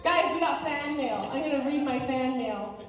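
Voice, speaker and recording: High-voiced animated woman in a hall. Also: normal speed, lo-fi sound. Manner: animated, playful, talks to kids. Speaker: host and parent panelist. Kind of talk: lively family event presenting. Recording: echoey hall from far off.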